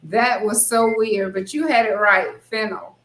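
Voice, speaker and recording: A woman's voice: mid-range voice, unhurried, fairly bright tone, echoey room, low-quality recording. A woman hosting a casual live stream, chatting and reading viewer comments aloud. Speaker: host.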